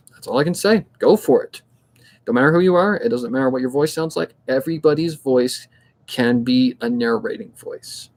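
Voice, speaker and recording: A man chatting casually as a hobby narrator, rambling, blunt and swearing freely, giving pep-talk advice and repeating himself. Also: mid-range voice. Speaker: fan audiobook narrator.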